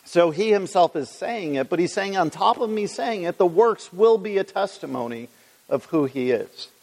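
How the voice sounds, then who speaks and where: A male preacher with a gravelly edge to his voice, working verse by verse through scripture for a live audience. He talks in a conversational way and puts questions to the room. His voice carries a long reverb tail, as in a large hall. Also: high-pitched, animated, normal speed, darkish tone. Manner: conversational, reads scripture aloud, asks the congregation questions. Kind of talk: expository Bible teaching.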